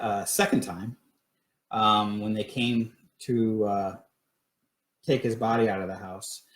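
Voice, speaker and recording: A man's voice: fairly low pitch, roomy sound. A man casually recounting a personal story on a livestream, rambling with many fillers and restarts. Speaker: paranormal research group director.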